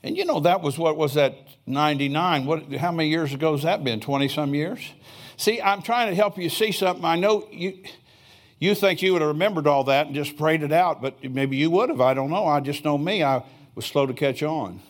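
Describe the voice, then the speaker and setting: A man's voice: fairly high pitch, brisk. An older man preaching a sermon in a church, telling stories in a folksy way with chuckling asides. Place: church sanctuary.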